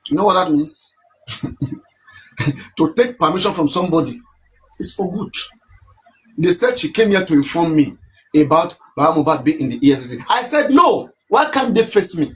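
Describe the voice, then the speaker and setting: A man's voice: fairly high pitch, expressive, moderate pace, pauses often. A man with a Nigerian accent hosting a live stream, explaining at length and repeating himself to make his point. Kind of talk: casual live-stream talk.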